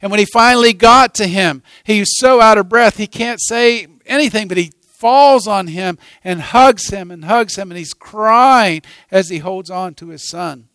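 Dramatic high-voiced male preacher. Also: normal speed, few pauses, smooth, no room sound. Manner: dramatic, swinging from hushed to loud. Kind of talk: sermon storytelling.

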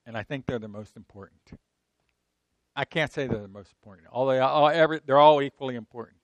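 A middle-aged man preaching a sermon in a conversational way, swinging from loud emphatic bursts to soft asides and asking his listeners frequent rhetorical questions. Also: medium pitch, fairly quick, no echo, highs cut off. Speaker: pastor.

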